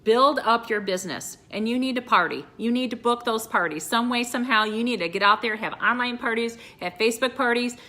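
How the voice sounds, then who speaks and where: A woman's voice: on the high side, fairly quick, hardly any pauses, pushed and bright. A middle-aged woman giving an earnest motivational talk to her sales team, repeating phrases, teary-eyed at times. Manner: earnest, repeats phrases, addresses viewers as you guys. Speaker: direct sales consultant.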